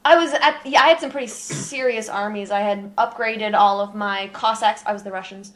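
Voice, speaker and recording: A woman's voice: mid-range voice, normal speed, poor audio. A young woman co-hosting a podcast, telling rambling stories in casual chat. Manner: chatty, rambling storyteller. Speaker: podcast co-host.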